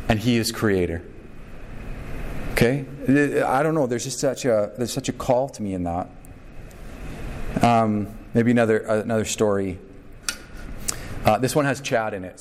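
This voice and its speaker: A man preaching a sermon, telling a story with lively acted-out quotes. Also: medium pitch, a little hiss or hum. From Canada. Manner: animated storyteller, acts out quotes. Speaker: pastor.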